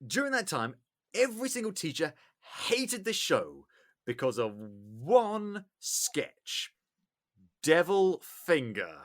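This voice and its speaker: An English man hosting a podcast, chatting casually with a lively, swooping voice. He tells stories with animation and acts out bits loudly. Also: high-pitched, slow pace. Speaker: podcast host. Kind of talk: casual chat.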